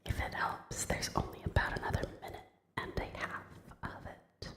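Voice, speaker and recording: A woman streamer talks to her viewers in a whispered ASMR voice. Her delivery is bright and full of movement. She makes chatty, joking asides in an echoey room. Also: moderate pace. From Tasmania, Australia. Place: home den.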